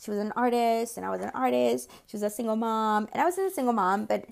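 Speaking quickly with a slightly high, creaky voice, this woman in her forties hosts a podcast and works as a consultant. Her casual storytelling monologue is chatty and personal, with acted-out quotes and the occasional swear word.

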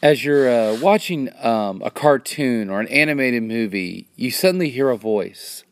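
A man hosting a devotional podcast, talking earnestly and jumping up in pitch on key words. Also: lively intonation, moderate pace. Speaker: podcast host.

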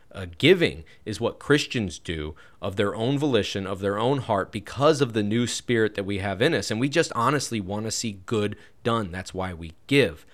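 Brief: man with a lowish voice, relaxed Bible-teacher delivery, chatty and direct. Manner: conversational, with restarts and asides to listeners.

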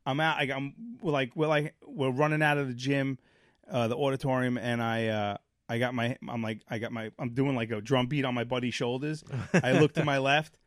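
A man's voice: medium pitch, a little fast, dry recording, studio quality. Rambling storyteller man from Brooklyn. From Brooklyn, New York. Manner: animated, rambling, many fillers, acts out quotes. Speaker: podcast co-host. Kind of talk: casual storytelling chat.

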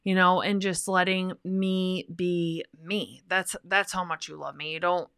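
A woman's voice: lowish voice, measured pace, smooth, dry recording, studio quality. A woman in her thirties co-hosting a faith-based marriage podcast, talking in a wordy, openly emotional way. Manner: wordy, emotional, animated when she acts out friends. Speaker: podcast co-host.

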